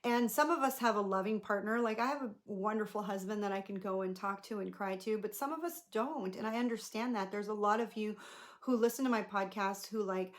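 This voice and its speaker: A woman life coach and podcast host giving casual motivational talk to camera, conversational and rambling with lots of fillers, turning soft and gentle when she reassures. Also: mid-range voice, brisk.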